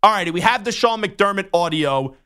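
Young male sports radio host, sharp tense tone, indignant and worked up. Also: high voice, lively intonation, fairly quick. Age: young adult. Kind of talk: heated talk-show rant.

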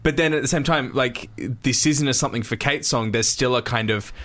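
A man's voice: medium pitch, brisk, fairly bright tone. A man co-hosting a casual music podcast, talking thoughtfully about songwriting. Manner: thoughtful, analytical about songs. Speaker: podcast co-host. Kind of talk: casual chat.

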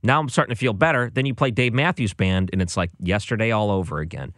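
A man's voice: lowish voice, fast talker, a bit bright, dry recording, clean studio sound. A man hosting a show, giving casual music commentary with a sarcastic, exasperated manner. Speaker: radio or podcast host.

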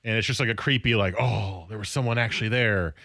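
A man's voice: lowish voice, quick pace, sharp tone, dry recording. A man co-hosting a radio show, chatting casually and reading a clumsy story aloud with dry amusement.

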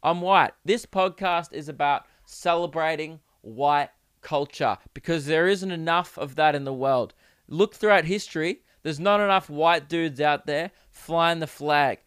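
A man's voice: on the high side, a little slow, a bit bright, smooth, no echo, studio quality. A man in his twenties with an Australian accent, hosting his own podcast in a rambling, crude, jokey way and laughing often. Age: 20s. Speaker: podcast host. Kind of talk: casual solo podcast chat. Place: home recording setup.

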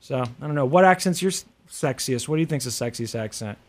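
A man's voice: medium pitch, animated, fast talker. A man with a Midwestern American accent, co-hosting a casual chat, musing aloud with lots of fillers and restarts. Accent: General American Midwest. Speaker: co-host.

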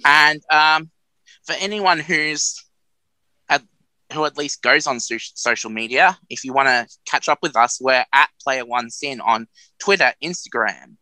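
A man's voice: on the high side, measured pace, sharp tone, no echo, low-quality recording. Rambling, self-mocking young radio co-host man. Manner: rambling, self-mocking, laughs at own jokes. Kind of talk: casual radio chat.

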